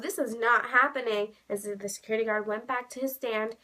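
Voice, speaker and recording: Bright, high-pitched excitable young woman. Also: brisk. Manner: gushing, heavy use of "like", bursts of squealing quotes. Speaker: vlogger. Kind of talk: excited storytelling vlog.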